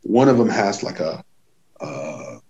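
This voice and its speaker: A man from Sweden tells a story in loose, casual chat. He swears freely and jumps into the voices of the people he quotes. His voice sits somewhat low, and the recording sounds dull and muffled. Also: slow, a little hiss or hum. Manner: animated, swearing, acts out quotes with raised voice. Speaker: touring musician telling a story.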